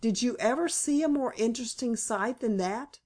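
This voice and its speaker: A woman reading the part of a lively, encouraging pioneer mother in an audiobook. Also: on the high side, moderate pace, breathy edge, pitched above the performer's own voice.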